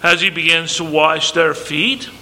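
Male preacher, high, very bright and forceful, emphatic delivery, reverberant hall. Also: fairly even intonation, a little slow. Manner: emphatic, acts out quoted dialogue. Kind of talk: sermon. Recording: long reverb, faint background noise.

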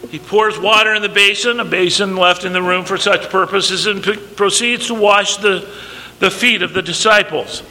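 Male preacher, high, very bright and forceful, emphatic delivery, reverberant hall. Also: steady tone, moderate pace. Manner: emphatic, acts out quoted dialogue. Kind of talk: sermon. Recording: long reverb, faint background noise.

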